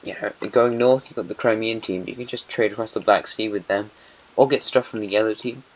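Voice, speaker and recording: A man's voice: on the low side, steady tone, brisk. A man narrating an alternate-history map in a casual, meandering way, musing aloud and correcting himself as he goes. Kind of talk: casual rambling commentary. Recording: dull lo-fi mic.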